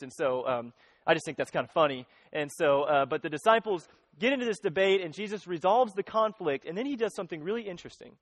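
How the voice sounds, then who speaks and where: A man's voice: high voice, lively intonation, fast, no room sound. A man preaching a sermon in an earnest, conversational way, often restarting his sentences. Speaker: pastor.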